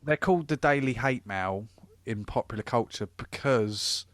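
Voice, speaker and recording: A man's voice: mid-range voice, normal speed. A man with an ordinary mid-range voice trades blunt, crude banter in casual chat. He throws in sarcastic jabs and pushy questions. The sound is dry and close, with no room echo. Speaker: podcast co-host.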